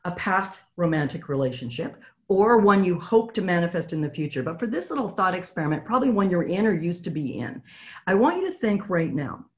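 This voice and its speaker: A woman's voice: lowish voice, big pitch swings, brisk. A woman, apparently from Canada, coaching a live online session in a chatty, encouraging way and reading out replies from the chat. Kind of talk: live webinar teaching.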